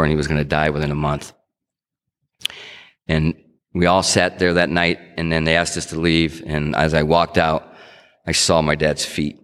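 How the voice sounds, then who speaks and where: A man's voice: extremely low pitch, a bit bright, clean tone. A middle-aged man giving a personal testimony talk in a conversational storytelling way, acting out quotes and often restarting his sentences. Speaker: speaker sharing his recovery story. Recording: long hall reverb.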